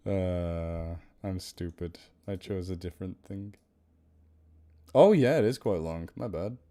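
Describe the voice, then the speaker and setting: A man's voice: deep voice, slow pace, pauses often, mellow. A man hosting a live stream, chatting casually and joking at his own expense. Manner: self-deprecating, laughing. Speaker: streamer reading stories.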